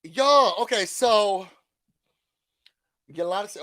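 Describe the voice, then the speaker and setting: A man with a high, bright, sharp voice gives a casual reality-show recap to his viewers. He talks in a chatty, animated way, with laughs and dramatic asides. The sound is dry and close. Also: a little slow, no echo. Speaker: YouTube host.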